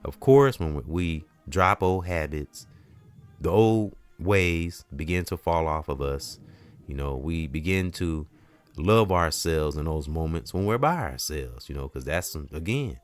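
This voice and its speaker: Host, male, very low voice, rambling preachy spiritual monologue. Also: lively intonation, a little slow, smooth, no echo, faint music behind. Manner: preachy, loose and repetitive, many "you know"s. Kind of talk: casual spiritual talk.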